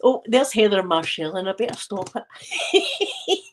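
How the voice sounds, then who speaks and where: This live chat host is a woman with a Scottish accent who tells stories and laughs a lot while talking casually to viewers from her living room. She speaks a little slowly, in a sing-song way, at a medium pitch.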